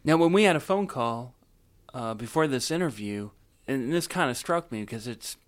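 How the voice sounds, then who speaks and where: A man's voice: mid-range voice, expressive, moderate pace. A man interviewing a guest, asking brief, probing questions.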